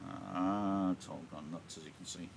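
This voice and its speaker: A man's voice: sits low, steady tone, normal speed, vocal fry, breathy edge. A man teaching live, reading a play aloud and explaining it in a joking, chatty way over a laptop mic.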